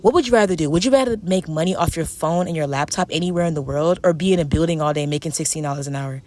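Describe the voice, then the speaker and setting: A woman's voice: low-pitched, fast, darkish tone. A young woman venting to her camera in a casual, profane rant, full of "like" fillers. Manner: profane, ranting, frequent "like" fillers. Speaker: vlogger.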